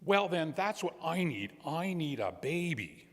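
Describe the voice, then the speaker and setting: A man's voice: a little high, sing-song, measured pace, big-room sound, pitched above the performer's own voice. A man voicing a dump truck driver in a children's story, talking in a bluff, hearty way.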